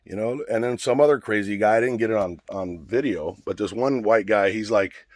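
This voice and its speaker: A man's voice: lowish voice, normal speed, darkish tone, no room sound, clean studio sound. A middle-aged man, out of breath, telling a story in a casual, rambling way that is full of swearing. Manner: profane, rambling, conversational.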